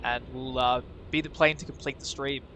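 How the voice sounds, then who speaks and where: A man with an Australian accent giving relaxed live commentary on planes at an airport and chatting with viewers. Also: mid-range voice, normal speed, a little hiss or hum. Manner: relaxed, chatty, thanks viewers, frequent uh fillers. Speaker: co-host of a plane-spotting livestream. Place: outdoors at an airport car park.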